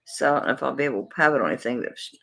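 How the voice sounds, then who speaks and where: Her very deep voice is creaky yet fairly bright in tone, and she races along on poor audio. She's a woman from Tampa, Florida, USA with a Southern US accent, hosting a live jewelry sale with casual live-stream selling chat as she rambles and talks to herself while searching her table.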